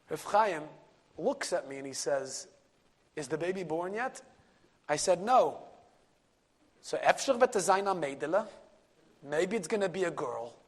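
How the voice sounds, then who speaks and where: Rabbi, lively storyteller, somewhat high voice, hushes for the punchline. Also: male voice. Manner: animated storyteller, sprinkles Yiddish and Hebrew words, drops to a hush for key moments. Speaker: rabbi and lecturer. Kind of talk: storytelling Torah class.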